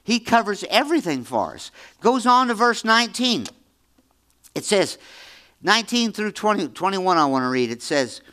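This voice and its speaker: A man in his seventies preaching a Bible-teaching sermon, emphatic, repeating phrases and swinging between loud and hushed. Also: sits high. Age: 70s.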